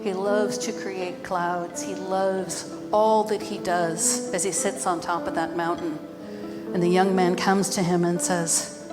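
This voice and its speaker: A woman storyteller recounts a traditional tale before a live audience, her phrases gentle and rhythmic, often repeated. Her voice sits slightly low and trails off into a long hall reverb, with music clearly underscoring her. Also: flat delivery, unhurried. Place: live event.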